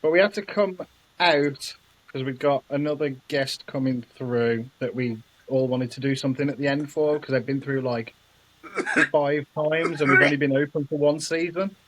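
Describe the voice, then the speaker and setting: A man's voice: medium pitch, steady tone, normal speed, a bit bright, low-quality recording. A man telling a story playfully, laughing often, in a casual group chat. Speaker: scare actor and guest.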